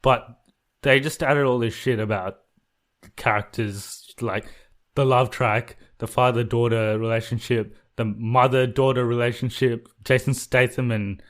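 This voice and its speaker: A man's voice: mid-range voice, steady tone, measured pace. A man co-hosting a podcast, giving blunt, critical opinions in casual movie review chat. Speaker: podcast co-host.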